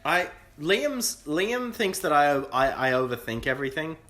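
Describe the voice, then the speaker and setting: Young man, excitable co-host, bright and animated delivery. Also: on the high side, unhurried. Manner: excitable, ranting, swearing. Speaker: podcast co-host. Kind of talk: casual chat. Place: friend's lounge room.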